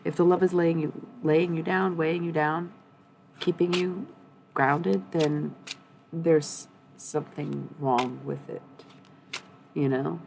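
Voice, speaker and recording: Young woman, blunt and profane tarot streamer; low, gravelly voice. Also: darkish tone, a little hiss or hum, poor audio. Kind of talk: live-streamed tarot reading.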